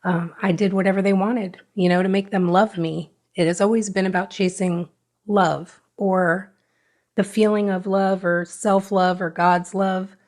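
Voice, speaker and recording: A woman's voice: medium pitch, little pitch movement, a little slow, a little mellow. A middle-aged woman, a podcast guest, telling her recovery story frankly and with feeling, acting out what she said back then. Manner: frank, emotional, re-enacts her own past words.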